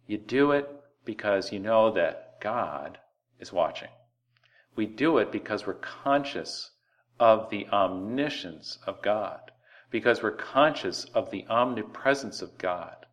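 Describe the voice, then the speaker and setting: A man preaching a sermon, lively and conversational, drawing words out for emphasis and acting out everyday voices. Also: on the low side. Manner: animated preaching, slows words for emphasis and acts out quoted voices. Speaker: pastor.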